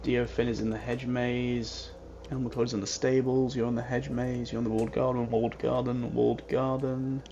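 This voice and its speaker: A man's voice: mid-range voice, flat delivery, moderate pace, vocal fry, dark tone. A man doing let's-play commentary on a mystery game, playful, reading the on-screen text aloud and humming little jingles. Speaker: gamer playing a mystery game. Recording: dull lo-fi with faint hiss.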